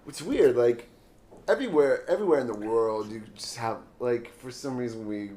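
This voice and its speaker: A man's voice: mid-range voice, animated, normal speed, mellow. A man co-hosting a podcast in crude casual banter, joking, trailing off and laughing often. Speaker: podcast co-host.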